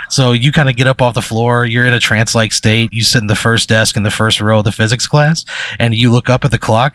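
A man's voice: mid-range voice, a bit bright, no room sound. A man running an improvised story game as game master, rambling with many fillers and chuckles.

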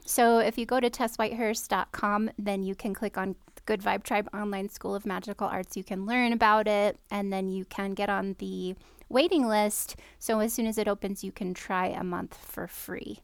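A woman's voice: mid-range voice, fairly even intonation, normal speed, vocal fry, clean tone, no room sound. Friendly woman cohost chatting on a podcast, dry close mic, mid voice. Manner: friendly, enthusiastic, laughs easily. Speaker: podcast co-host, witch. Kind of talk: casual podcast chat.

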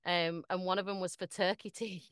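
A woman's voice: on the low side, flat delivery, fairly quick, fairly bright tone, clear, resonant tone, dry recording, studio quality. A woman, a voiceover artist chatting as a podcast guest, laughing often. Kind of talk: casual podcast chat.

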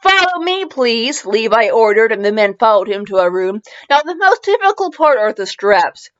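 A woman hosting a fan fiction reading podcast, excitable and giggly, wired on caffeine and prone to laughing tangents. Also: mid-range voice, moderate pace, dull audio. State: wired on caffeine after little sleep. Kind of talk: comedic dramatic reading.

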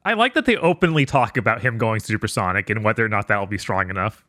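A man's voice: fairly low pitch, expressive, quick pace, sharp tone, dry recording, studio quality. A man chatting casually about video games on a podcast, laid-back and amused. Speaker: podcast co-host. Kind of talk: casual gaming podcast chat.

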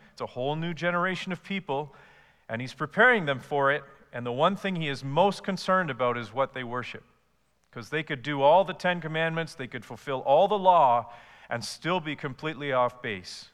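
A man's voice: on the high side, a bit bright, long reverb tail. A man preaching a sermon, asking rhetorical questions and building to emphatic repeated lists. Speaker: pastor.

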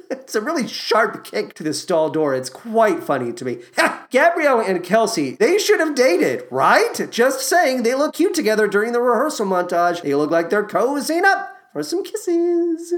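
A woman's voice: on the high side, sing-song, moderate pace. A woman hosting a podcast, giving sarcastic, profane commentary on a movie with exaggerated asides. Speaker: podcast host.

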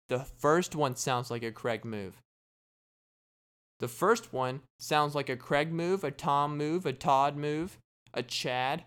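Slow-talking man. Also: fairly high pitch, clean tone. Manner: deadpan, joking, acts out quoted exchanges. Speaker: podcast host. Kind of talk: casual comedic monologue.

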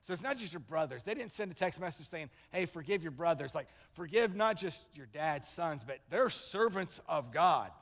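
In a church sanctuary with long hall reverb, a man preaches at a normal speed in a fairly high pitch, barely pausing. He's a pastor who tells his sermon stories with animation and performs the voices of their characters.

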